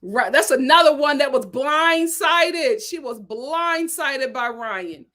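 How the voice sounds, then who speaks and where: A woman with a slightly high voice hosts a casual live stream, reading viewer comments aloud one after another. She reacts to each with emphatic, animated commentary, repeating her points for effect. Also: slow pace.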